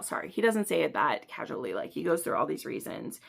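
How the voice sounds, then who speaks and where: A woman's voice: on the high side, big pitch swings, moderate pace, vocal fry. A woman book vlogger reading passages aloud and reacting with gushing enthusiasm between them.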